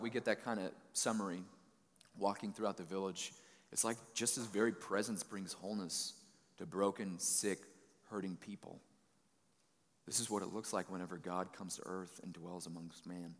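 Casting: male preacher with a lowish voice, folksy and conversational, big hall reverb. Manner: conversational, folksy paraphrasing of scripture. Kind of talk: sermon.

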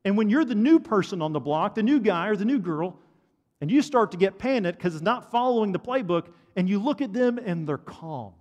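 A man preaching a sermon to a congregation, animated and asking the listeners questions. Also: high-pitched, a little fast. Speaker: pastor. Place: church hall. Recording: long hall reverb.

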